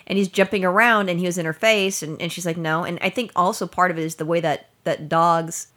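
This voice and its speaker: Woman, somewhat low pitch, casual podcast conversation, earnest, trailing sentences. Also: fairly even intonation, fairly quick, fairly bright tone. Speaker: podcast co-host. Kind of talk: casual chat.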